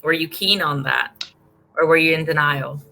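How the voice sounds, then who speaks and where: A bright, upbeat woman hosts a relaxed interview over a video call. She laughs often and keeps the chat light, and her voice sits a little low for a woman. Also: normal speed, creaky, rough recording. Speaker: podcast host.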